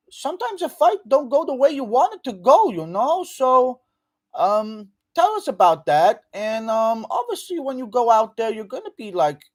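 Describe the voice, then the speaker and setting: A man putting on the voice of a fawning male sports reporter who asks halting, filler-heavy questions. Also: sits high, pitched above the performer's own voice.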